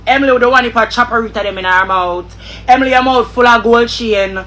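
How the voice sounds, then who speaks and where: A woman's voice: fairly high pitch, quick pace, fairly bright tone. A woman with a Jamaican accent in a heated, angry rant, repeating and swearing. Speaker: vlogger.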